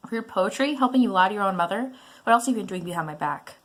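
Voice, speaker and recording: A woman's voice: mid-range voice, expressive, quick pace, fairly bright tone. A woman voicing a controlling, prying middle-aged mother in a browser game, nagging and guilt-tripping. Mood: scolding.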